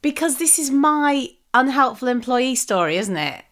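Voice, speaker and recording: A woman's voice: high voice, lively intonation, normal speed, fairly bright tone. A woman co-hosting a podcast, chatting casually and teasing her co-host, laughing often. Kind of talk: casual chat.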